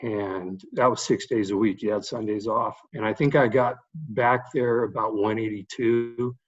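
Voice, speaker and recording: A man's voice: on the low side, unhurried, breathy edge. Lo-fi middle-aged man telling stories. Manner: animated anecdotes with fillers. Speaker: guest, baseball head coach. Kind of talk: casual podcast storytelling.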